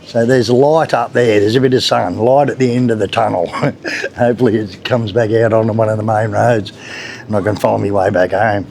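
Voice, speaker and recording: A man's voice: on the low side, fairly even intonation, moderate pace, gravelly. A man with an Australian accent, talking casually and bluntly as he walks city back streets for a travel vlog, swearing now and then. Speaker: travel vlogger. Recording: loud street traffic and motorbikes behind. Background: traffic and motorbikes.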